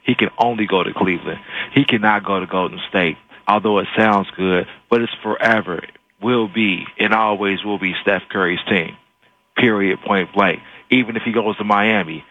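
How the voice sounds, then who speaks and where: A man's voice: on the low side, fairly even intonation, normal speed, slight background noise. A man from Ohio calling into a sports radio show, making emphatic, declarative points. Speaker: caller. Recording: phone line.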